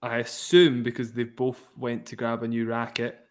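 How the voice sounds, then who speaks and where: A man hosting a casual live tennis commentary chat, relaxed and talkative, breaking off now and then to call the score. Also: medium pitch, moderate pace, slight background noise. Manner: relaxed, chatty, breaks off to give score updates. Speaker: podcast host and match commentator.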